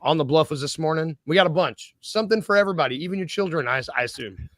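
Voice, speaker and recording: Man, podcast host, casual, rambling, self-correcting, slightly high voice, dry recording. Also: animated, quick pace, a bit bright, no room sound. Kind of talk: casual sports podcast chat.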